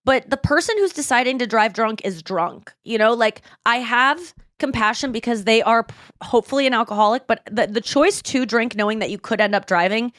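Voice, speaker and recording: A woman in her thirties hosting a podcast, chatting casually, blunt and animated, swearing freely. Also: fairly high pitch, brisk, hardly any pauses, no room sound, clean studio sound. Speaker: podcast host. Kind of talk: casual chat.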